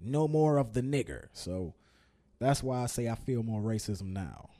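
A man's voice: medium pitch, lively intonation, normal speed, warm tone. A man co-hosting a podcast in casual chat, blunt and insistent, cursing plainly as he makes his point. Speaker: co-host of a podcast.

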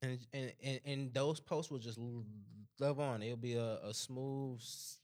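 A man's voice: medium pitch, fairly even intonation, a little slow, a little mellow. A man leads a loose conversation as host, his voice sitting in an ordinary middle register. He talks his way toward each idea, doubling back and repeating words as he goes. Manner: rambling, repeats words while building thoughts. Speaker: podcast host. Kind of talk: casual chat.

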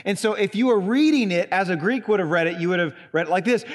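A pastor with a Southern Indiana accent delivers an emphatic sermon, leaning on single words. His voice sits high for a man. The sanctuary leaves a long reverb trailing behind him. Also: fast, hardly any pauses. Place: church sanctuary.

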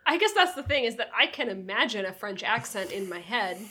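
Woman cohost on a book podcast, bright, sharp-edged voice, short dry comments. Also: medium pitch, big pitch swings, fairly quick, slightly rough. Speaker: podcast co-host. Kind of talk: casual book-discussion chat.

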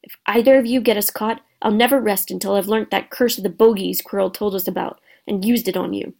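A woman voicing a grumpy, sharp-tongued schoolboy who mutters irritably in a storybook reading. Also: medium pitch, steady tone, a little fast, vocal fry. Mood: irritable muttering.

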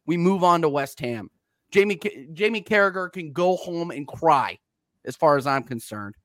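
A man giving a heated, mocking football rant as a stream guest, swinging between loud jabs and muttered asides. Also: on the high side, expressive, moderate pace, no room sound.

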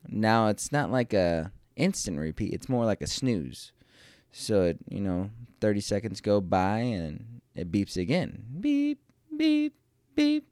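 A man with a lowish, smooth voice tells a rambling personal story, self-deprecating and sprinkled with swearing. The sound is close and dry, with no room to it. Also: a little slow, darkish tone, no echo.

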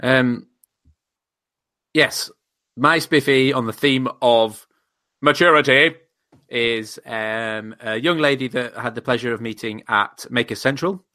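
A man's voice: mid-range voice, measured pace, pushed and bright, no room sound. A man co-hosting a casual podcast chat, dry and teasing, rambling with lots of ums. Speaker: podcast co-host.

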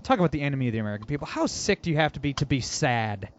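A man's voice: mid-range voice, sing-song, racing, slight background noise. A man hosting a political podcast, talking casually and animatedly, mocking and laughing often. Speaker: podcast host. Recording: dull lo-fi audio.

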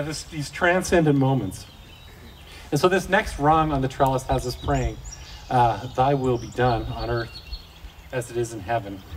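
A middle-aged man giving a casual devotional talk to fathers, telling folksy, joking stories about family life. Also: mid-range voice. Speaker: Christian speaker for fathers. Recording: distant mic, faint outdoor noise.

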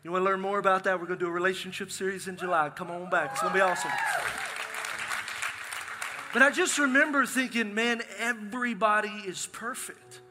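A middle-aged male pastor, preaching a lively, joking sermon in a large church. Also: sits high, fast, long pauses, a faint crowd. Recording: long hall reverb from a live sanctuary.

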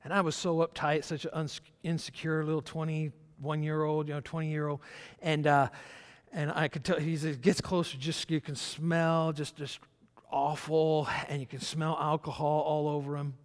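A male pastor, a little high-pitched for a man, tells a sermon story in an easy, conversational way. He stumbles through restarts and fillers. His voice carries a long reverb, as if recorded in a church sanctuary. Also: flat delivery, moderate pace.

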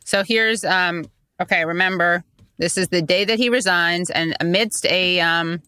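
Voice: medium pitch, a little slow, bright, forceful tone, clear, resonant tone, no room sound. A host chatting casually in an interview, with wry, chatty asides.

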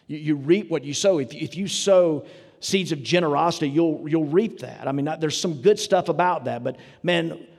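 Guy preaching, kinda high voice, talks to the crowd like a chat, long echo in a big church. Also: moderate pace, creaky, darkish tone, breathy edge. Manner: storytelling, conversational preaching with asides to the congregation. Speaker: pastor. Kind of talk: sermon. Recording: long reverb of a large hall.

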